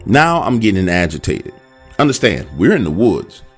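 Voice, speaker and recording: A man's voice: low voice, big pitch swings, normal speed, husky, faint music behind. A man narrating a first-person horror encounter, speaking dramatically and addressing the listener directly. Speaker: storyteller.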